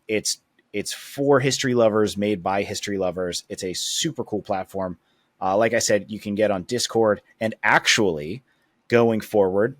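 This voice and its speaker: A man's voice: on the low side, no echo. A man hosting a podcast in casual chat, upbeat and rambling with many fillers. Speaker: podcast host.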